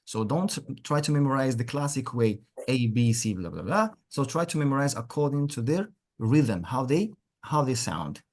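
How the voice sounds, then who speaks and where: Male language tutor on a video call, lively pitch, slightly husky, keeps praising students. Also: moderate pace, hardly any pauses. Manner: encouraging, repeats words, frequent praise. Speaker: English teacher. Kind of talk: online language lesson. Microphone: computer mic on a video call.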